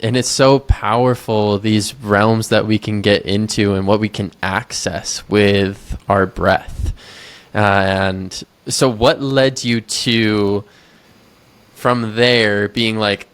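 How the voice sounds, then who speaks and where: A man hosting a podcast, asking questions and responding in a calm, measured, affirming way. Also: on the low side, clean tone. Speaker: podcast host. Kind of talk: interview conversation.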